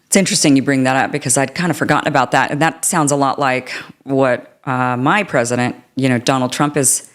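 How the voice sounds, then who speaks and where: Woman host with a low voice, chatty rambling questions, lots of "i mean"s. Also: fairly even intonation, fairly quick. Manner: casual, rambling, with many "I mean" and "like" fillers. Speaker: show host. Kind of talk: political interview.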